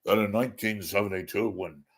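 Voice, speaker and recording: A man's voice: lowish voice, fairly quick, gravelly. A man doing an impression of a formal, lecturing older male radio talk host.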